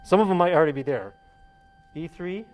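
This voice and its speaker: A man's voice: fairly high pitch, expressive, brisk, darkish tone, low-quality recording. Casual man teaching a synth class. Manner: casual, checks in with frequent "okay?". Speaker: college professor. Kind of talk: hands-on classroom demonstration.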